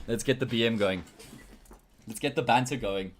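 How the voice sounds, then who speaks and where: Speaking at medium pitch and a moderate pace, a man with a South African accent casts an esports stream alone. Between matches he banters with viewers, joking and rambling, frequently restarting his sentences.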